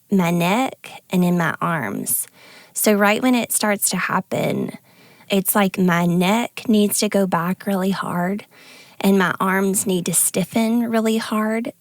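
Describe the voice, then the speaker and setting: A woman co-hosting a podcast, speaking earnestly and tearfully in a halting, confessional way. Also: medium pitch, no room sound, clean studio sound. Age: adult with grown kids. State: tearful, near crying. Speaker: podcast co-host. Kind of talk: candid conversational podcast talk.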